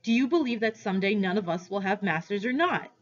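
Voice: mid-range voice, animated, fast, natural voice. A reader voicing a domineering, leering male juggler who boasts and barks demands, in a story read aloud for a class, on a dull lo-fi recording. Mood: demanding. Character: boisterous wandering male juggler, big-bellied, domineering.

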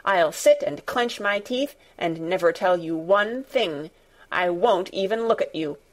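A woman acting out a stubborn storybook girl with a quick temper, blunt and sour. She speaks slowly but sharply, refusing to back down. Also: fairly low pitch, lively intonation. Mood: defiant. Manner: sharp, obstinate, unsympathetic.

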